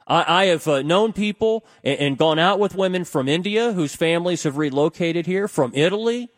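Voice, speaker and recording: A man's voice: fairly high pitch, expressive, moderate pace, no room sound. Rambling male radio talk host, dry sound. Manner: rambling, conversational, poses questions to listeners. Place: radio studio.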